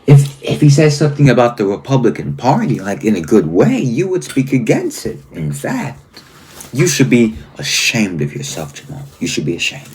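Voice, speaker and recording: A man, a pastor, giving confrontational commentary, scolding someone and repeating their name, and slowing down to stress key phrases. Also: medium pitch, wildly swooping pitch, darkish tone, breathy edge. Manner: slow, deliberate emphasis on key phrases. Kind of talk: confrontational commentary and reading aloud.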